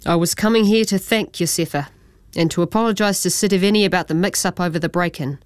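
A woman's voice: on the low side, fast talker, dry recording, close to an everyday voice. A woman voicing a stiff, formal man who owns a factory, hurrying through a storybook apology. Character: wealthy male factory owner, stiff and formal.

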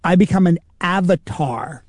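A man's voice: sits high, measured pace, dry recording, studio quality. A man, a comedian and impersonator, telling anecdotes in an interview and acting out the people he quotes. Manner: animated anecdotal storytelling, acts out quoted voices. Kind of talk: interview storytelling.

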